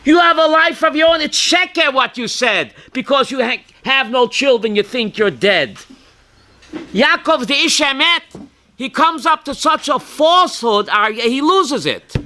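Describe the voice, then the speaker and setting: A rabbi leads a Torah class in an extremely high-pitched voice with big pitch swings and a measured pace. He quizzes listeners by name, asks questions, and now and then bursts out loudly to drive a point home, with slight background noise behind him.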